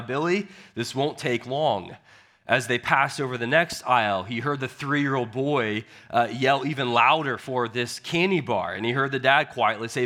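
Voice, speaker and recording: Pastor, male, bright clear voice, chatty sermon delivery with frequent restarts. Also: mid-range voice. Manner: conversational storytelling preacher, frequent word repeats. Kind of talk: sermon with opening prayer.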